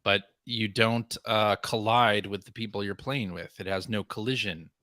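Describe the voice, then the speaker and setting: A man's voice: on the low side, fairly even intonation, normal speed, pushed and bright, no echo, studio quality. A man hosting a casual podcast, chatting loosely and running through the news with easy laughs. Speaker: podcast host. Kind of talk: casual chat.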